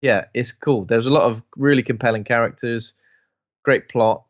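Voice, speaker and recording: A man co-hosting a podcast, chatting casually about shows and films, quick and full of restarts. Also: mid-range voice, highs cut off. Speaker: podcast co-host.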